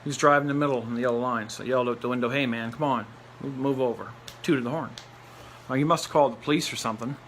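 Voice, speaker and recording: A man's voice: medium pitch, steady tone, fast talker, a bit bright, low-quality recording. Man with a middle-range voice, telling a personal story bluntly, with faint noise behind him. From Nova Scotia, Canada. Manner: blunt, rambling, repeats phrases for emphasis; laughs between lines.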